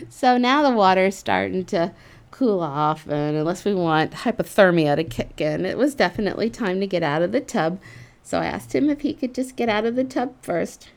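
A woman recounts a personal story in a relaxed, chatty way. She giggles often and keeps dropping fillers like "like" and "you know". Her pitch sits right in the middle. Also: normal speed. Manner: animated, giggly, with frequent fillers like "like".

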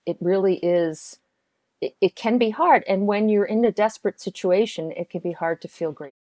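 A woman career coach co-hosting a casual podcast, calm and agreeable in her replies. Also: mid-range voice, moderate pace, no echo. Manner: calm, agreeable, short affirmations. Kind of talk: casual video podcast chat.

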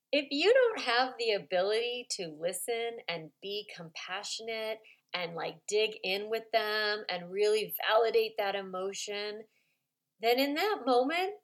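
Chatty woman parenting coach. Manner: chatty and informal, full of "like" and "right?"; acts out children's complaints in a high voice. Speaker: parenting coach and podcast host. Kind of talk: conversational podcast monologue.

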